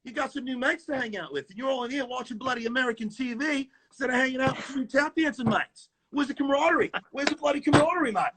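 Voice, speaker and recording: A man putting on an Australian accent to voice a rough, loud male tap dancer scolding his mates in a brash, hearty way. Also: very high-pitched, fast, few pauses, noisy background, voice pushed up. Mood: teasing scold. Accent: put-on Australian.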